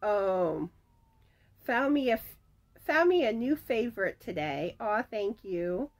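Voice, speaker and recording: A woman's voice: mid-range voice, animated, slow pace. A middle-aged woman, chatting at home as she reads viewer comments and announces giveaway winners, often laughing. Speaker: crochet channel host announcing giveaway winners. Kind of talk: casual chat, reading viewer comments aloud. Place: at home, screen door rattling in the wind.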